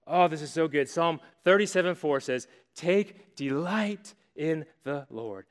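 A man preaching a sermon as pastor, telling stories with dramatic pauses and lively emphasis. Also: on the high side, big-room sound. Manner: animated storytelling with dramatic pauses.

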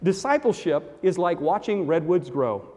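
Emphatic high-voiced male pastor preaching. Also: sing-song, normal speed, mellow. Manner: emphatic, repeats key phrases for effect. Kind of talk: sermon. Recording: long reverb of a large hall.

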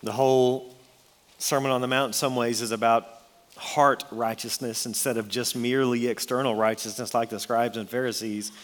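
A man preaching a sermon in an earnest, emphatic way, reading scripture and then explaining it. His voice sits at a middle pitch. A long reverb trails each phrase, as in a large hall. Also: little pitch movement, moderate pace.

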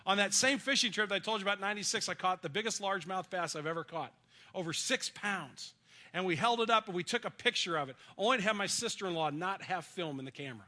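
Bright, high-voiced middle-aged male pastor. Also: lively intonation, fairly quick. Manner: earnest storytelling, drops soft for quoted comfort. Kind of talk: sermon.

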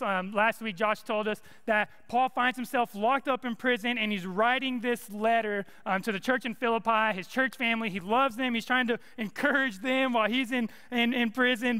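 A young man preaching a casual, energetic sermon full of fillers and stories. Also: very high-pitched, clean tone. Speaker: college ministry preacher.

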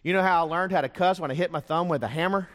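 A man preaching a sermon, telling stories, firing off rhetorical questions and dropping to a hush for emphasis. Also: a little high, quick pace. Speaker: pastor. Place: church sanctuary. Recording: long church hall reverb.

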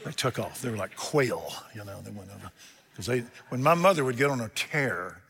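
A man's voice: fairly low pitch, animated, normal speed, creaky, a bit bright, slight background noise. A man preaching a sermon, telling homespun stories with jokes in a folksy way. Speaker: pastor. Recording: long hall reverb.

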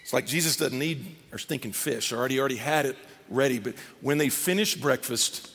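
A man preaching a sermon as pastor, animated, acting out scripture scenes. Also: medium pitch, a little fast, creaky, husky. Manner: animated, acts out scripture scenes in character voices. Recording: long reverb of a large hall.

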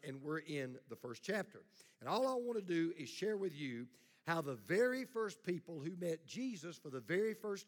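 Male pastor, middle-aged, blunt sermon delivery with call-and-response, somewhat high voice, long church reverb. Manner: blunt, plain-spoken preaching with congregation call-and-response. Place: church sanctuary.

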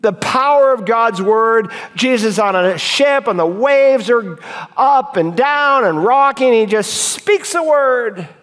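A pastor giving an emphatic sermon, his voice swinging between loud high calls and low quiet lines. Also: animated, takes it slowly. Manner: emphatic preaching with sharp swings in pitch and loudness. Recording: long hall reverb.

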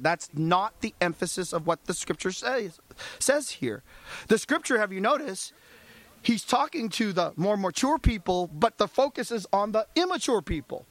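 Animated preaching man, slightly high voice. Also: moderate pace, no echo. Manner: animated preaching, rhetorical questions, acts out dialogue. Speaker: pastor. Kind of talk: sermon.

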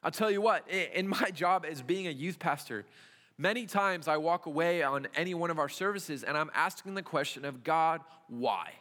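A man's voice: a little high, expressive, moderate pace, bright, forceful tone. Young man, youth pastor, conversational sermon, church hall reverb. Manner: conversational preaching with rhetorical questions. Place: church sanctuary.

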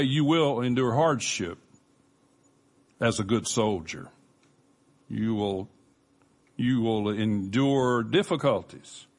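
A man preaching a sermon as pastor, earnest and emphatic, with measured pauses. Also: mid-range voice.

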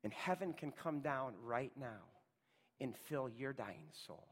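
A pastor preaching a sermon, rising to loud emphatic lines and dropping to a hushed near-whisper. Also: male voice, medium pitch, lively intonation, slow, slightly rough, big-room sound.

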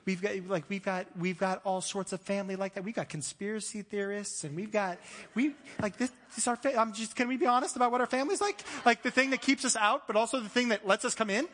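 A male pastor in his thirties with a high voice, preaching a sermon in a loose, conversational way. He jokes at his own expense and often restarts his sentences. His voice rings out with the long reverb of a large church hall. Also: fast, few pauses, a bit bright. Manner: conversational, self-deprecating humor with frequent restarts.

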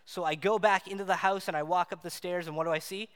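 A man preaching a sermon, telling a personal story in an animated way and acting out the voices in it. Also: high voice, fast, smooth. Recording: long hall reverb.

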